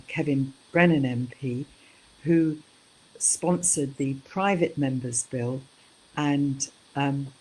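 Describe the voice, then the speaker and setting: Slow, husky low-voiced woman host. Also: darkish tone, poor audio. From United Kingdom. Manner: slow, polite, hesitant with many ums. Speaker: event organiser introducing speakers. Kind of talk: formal introduction.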